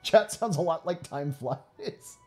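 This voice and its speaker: A man's voice: fairly high pitch, lively intonation, slow, a little mellow, faint music behind. A man in his late thirties streaming a game, chatting and teasing his viewers with frequent laughs. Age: late 30s. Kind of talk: casual game commentary talking to chat.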